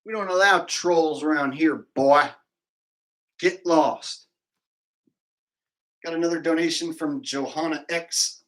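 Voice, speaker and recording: A man's voice: fairly high pitch, a bit bright. A man hosting a livestream, chatting casually, rambling and mocking, laughing at his own jokes. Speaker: livestream host.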